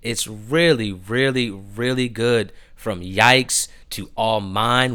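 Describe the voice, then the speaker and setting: A man hosting a podcast, gushing about new music in casual chat, stumbling over restarts in his excitement. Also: mid-range voice, takes it slowly, hardly any pauses, smooth. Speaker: podcast host.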